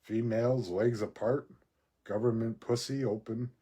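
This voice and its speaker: A man's voice: medium pitch, fairly even intonation, measured pace, dark tone, breathy edge. A man telling a rambling personal story in a casual monologue, profane and laughing often. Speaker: vlogger.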